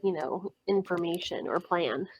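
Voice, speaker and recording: A woman's voice: lowish voice, a little slow, breathy edge, low-quality recording. A woman playing in a tabletop game who talks playfully and thinks aloud as she plans. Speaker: player.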